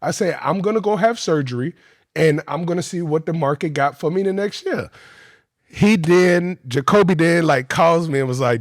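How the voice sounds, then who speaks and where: A man telling his football career story on a podcast, animated, profane and slangy. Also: a little high, moderate pace, dry recording, studio quality.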